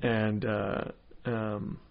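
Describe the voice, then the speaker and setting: A man's voice: lowish voice, level tone, extremely slow, gravelly, highs cut off. A man, a stand-up comedian, chatting casually and rambling with many fillers. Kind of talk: casual chat.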